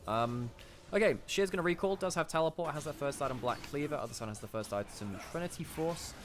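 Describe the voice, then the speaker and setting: A man's voice: a little high, fast talker, noisy background. A young man with a Welsh accent casting an esports match, chatty and jokey, going off on rambling asides. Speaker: esports caster. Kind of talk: play-by-play and color commentary.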